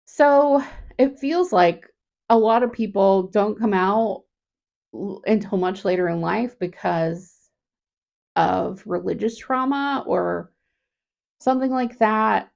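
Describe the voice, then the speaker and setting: Brief: woman, 30s, vlogger with a heavy vocal fry, candid and halting, unhurried delivery. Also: medium pitch, a little mellow. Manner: halting, reflective, with frequent restarts. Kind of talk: candid personal vlog.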